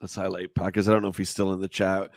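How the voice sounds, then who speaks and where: Nasal man hosting a relaxed chat. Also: low voice, fast, dry recording, clean studio sound. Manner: relaxed, chatty, laughs easily. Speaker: livestream host. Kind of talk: casual morning chat.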